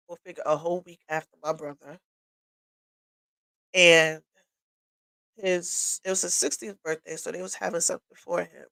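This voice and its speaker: A woman sharing a personal story on a livestream, candid and blunt, tearful and sniffling. Her voice has a gravelly edge, and the sound is dry and close. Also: on the low side, fairly bright tone, no room sound, low-quality recording. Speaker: livestream host. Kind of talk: personal testimony talk. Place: home workshop.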